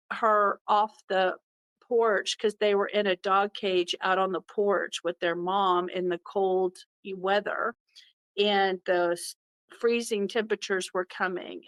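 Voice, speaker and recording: A woman's voice: mid-range voice, low-quality recording. A middle-aged woman tells a personal story from the heart and acts out the voices of the people in it. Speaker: podcast host.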